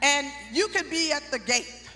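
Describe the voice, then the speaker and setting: A man's voice: very high-pitched, unhurried, pushed and bright. A man giving a eulogy for his mother in a sing-song, chanted preaching cadence. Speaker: eulogist, son of the deceased. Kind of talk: sung whooping sermon over organ. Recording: live church with organ music. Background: church organ.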